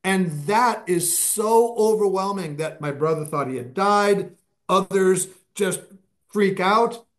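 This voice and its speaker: A man, a podcast guest, telling anecdotes in a casual, animated interview style, his pace speeding up and slowing down. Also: high-pitched.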